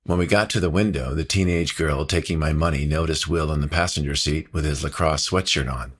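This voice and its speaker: A man's voice: a bass voice, brisk, husky. A man narrating his own memoir as an audiobook, in a heartfelt, reflective storytelling manner.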